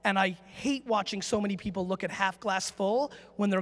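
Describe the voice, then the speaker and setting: A man's voice: sits high, normal speed, fairly bright tone. A man giving a live conference talk and answering audience questions, brash, emphatic and full of profanity. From United States. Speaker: conference speaker. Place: large conference hall. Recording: long reverb from a conference hall.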